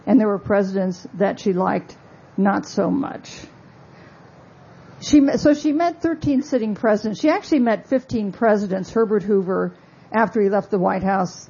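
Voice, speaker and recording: A woman's voice: mid-range voice, creaky, warm tone, husky, highs cut off. A woman author giving a conversational book talk, with wry asides and frequent fillers.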